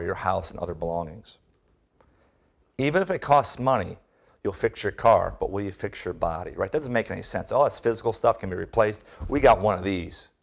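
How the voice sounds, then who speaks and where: A man's voice: mid-range voice, creaky. A middle-aged man presenting a webinar as a doctor, pressing listeners with urgent rhetorical questions.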